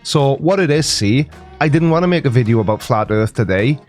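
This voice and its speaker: A man's voice: medium pitch, lively intonation, brisk, darkish tone, faint music behind. A Welsh man in his forties, a comedy host explaining local sayings in a dry, mock-serious, playful way. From Wales. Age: 40s. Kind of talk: scripted comic explainer to camera.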